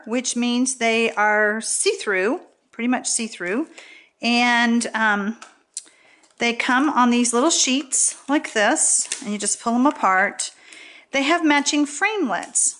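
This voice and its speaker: A woman's voice: on the high side, a bit bright. A woman demonstrating a paper craft in a casual, chatty tutorial, often checking in with "okay?". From Texas.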